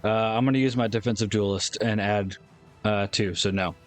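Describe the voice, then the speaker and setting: A man with a lowish voice plays a tabletop game and reads out his rolls and attacks in a plain, matter-of-fact way. Faint music runs behind him. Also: fairly even intonation, normal speed. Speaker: player.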